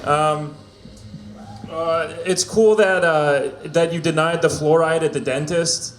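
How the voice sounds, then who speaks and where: A man doing a stand-up set at an open mic, deadpan and awkward, full of ums and nervous laughs. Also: fairly high pitch, takes it slowly, a little hiss or hum. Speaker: stand-up comic. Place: small venue open mic. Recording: echoey room.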